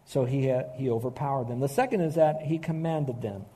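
A man preaching a sermon, earnest and emphatic, slowing down to stress key phrases. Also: medium pitch, warm tone, breathy edge. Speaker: pastor.

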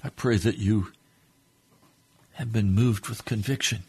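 A man's voice: lowish voice, steady tone, a little slow, breathy edge. A man preaching on a radio broadcast, leading a fervent, pleading prayer that swells and drops. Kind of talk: sermon prayer.

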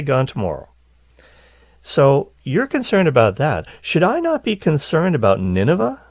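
A man voicing God in a calm, reasoning tone, close to his own voice. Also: mid-range voice, no echo, exaggerated voice. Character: patient, reasoning God, an adult male.

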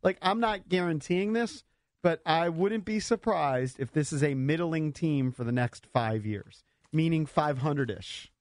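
A man hosting sports talk radio, opinionated and quick to cut in on his co-hosts. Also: fairly high pitch, no room sound, studio quality. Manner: opinionated, talks over others.

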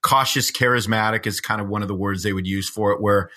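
A man's voice: lowish voice, steady tone, fast, sharp tone. A man co-hosting a casual podcast chat, rambling with lots of "I mean" and "like". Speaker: podcast co-host.

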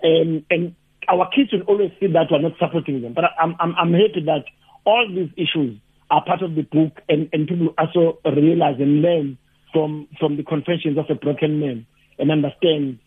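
A South African man, a lecturer and activist, talking haltingly with many restarts as a radio guest. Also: on the high side, fairly even intonation, slightly rough. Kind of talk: radio phone-in discussion. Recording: tinny phone line.

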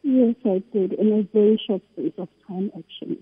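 A woman calling in to a radio reading, answering softly and hesitantly. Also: mid-range voice, a little fast, slightly rough. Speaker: caller. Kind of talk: radio call-in conversation. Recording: phone-like sound with long reverb.

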